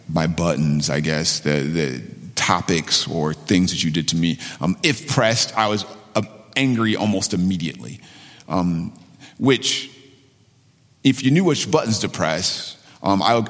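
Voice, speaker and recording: A man's voice: low voice, a bit bright. A pastor in his forties giving a conversational sermon, telling a personal story candidly and repeating phrases for emphasis. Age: 40s. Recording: long reverb of a large hall.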